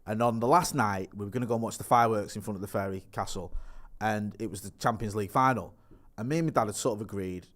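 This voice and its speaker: A man, co-hosting a casual football podcast, chatty and quick to laugh while telling stories. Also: on the low side. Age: 40s. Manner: chatty, laughs often, tells anecdotes. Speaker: podcast co-host.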